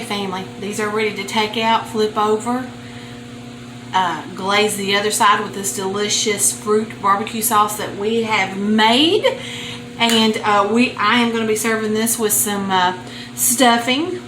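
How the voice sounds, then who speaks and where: A woman's voice: mid-range voice, reverberant, background noise. An older woman, hosting a home cooking vlog and chatting in a homey way as she cooks. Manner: chatty, homey storyteller, laughs often. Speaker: home cooking show host. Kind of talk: casual cooking vlog chat. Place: home kitchen.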